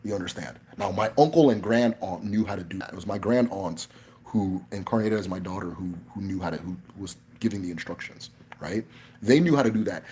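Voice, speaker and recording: A man's voice: fairly low pitch, normal speed, a little mellow, husky. A man hosting a casual livestream Q&A, talking in a blunt, emphatic way with frequent profanity. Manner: emphatic, blunt, profane, tags points with "right?". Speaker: livestream host.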